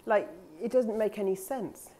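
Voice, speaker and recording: A woman coach speaks in a casual, earnest monologue at a middle pitch. She is candid and swears now and then. She acts out her own past thoughts in quick quoted asides. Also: fairly even intonation, warm tone. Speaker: life coach.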